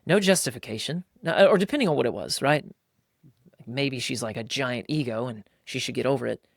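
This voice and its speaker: A man hosting a podcast, coaching listeners in a lively, casual way and acting out voices as he talks. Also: mid-range voice, brisk, vocal fry, no room sound, studio quality. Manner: animated, acts out voices. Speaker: podcast host.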